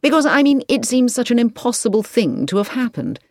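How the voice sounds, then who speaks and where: A woman's voice: on the high side, very animated, fairly quick, no room sound, voice pushed up. An earnest young man, smitten and a little anxious, his voice rising and falling with feeling, as a woman reads him aloud. The recording is close and dry, with no room sound at all. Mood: doubting. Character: earnest young man in love, easily worried.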